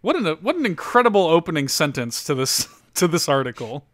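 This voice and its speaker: A man's voice: on the high side, big pitch swings, brisk, fairly bright tone, dry recording, clean studio sound. A man hosting a casual podcast, reading an article aloud with lots of laughter and loose, profane storytelling. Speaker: podcast host.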